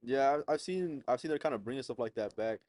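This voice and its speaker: A young man co-hosting a podcast, chatting casually in relaxed slang with quick bursts and frequent chuckles. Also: mid-range voice. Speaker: podcast co-host. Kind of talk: casual chat.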